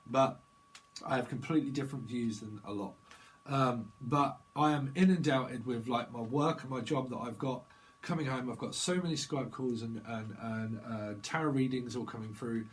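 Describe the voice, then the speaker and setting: Over poor audio, a middle-aged man gives a casual tarot reading at normal speed, his medium-pitched voice rambling and free-associating from one idea to the next and drifting into playful voices.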